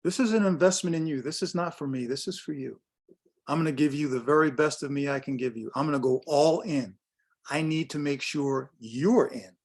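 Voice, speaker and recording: Older American male coach in his 60s, slightly high voice, direct and emphatic, repeats his points. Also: normal speed, breathy edge. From United States. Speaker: business coach presenting a workshop. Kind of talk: workshop talk on pricing.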